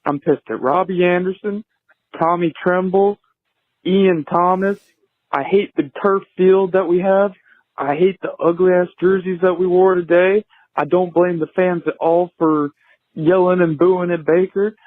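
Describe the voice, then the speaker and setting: Angry caller on a tinny phone line. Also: male voice, sits high, steady tone, a little slow, dry recording. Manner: angry, listing complaints. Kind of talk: phoned-in rant.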